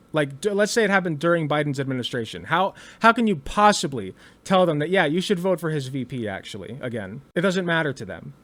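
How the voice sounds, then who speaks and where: A man giving blunt, heated commentary, swearing freely and stumbling over restarts when worked up. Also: on the high side. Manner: blunt, profane and emphatic. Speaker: political commentator.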